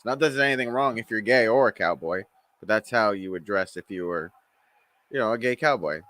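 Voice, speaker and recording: Bright-voiced wisecracking male streamer. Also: on the low side, moderate pace. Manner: offhand, wisecracking, talks to chat viewers. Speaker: watch-along streamer. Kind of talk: live watch-along commentary.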